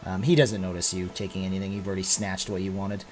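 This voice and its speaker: A man's voice: low-pitched, little pitch movement, quick pace, darkish tone, soft background music. A man narrating as game master of a tabletop game, describing scenes casually, with many fillers.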